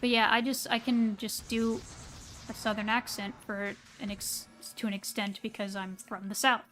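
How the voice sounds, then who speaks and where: Her voice is a mid-range woman's voice, level and fairly bright at a normal speed, over soft background music. Originally from the American South but using a standard American accent, she hesitantly chats with her live-stream viewers while gaming, rambling with many fillers.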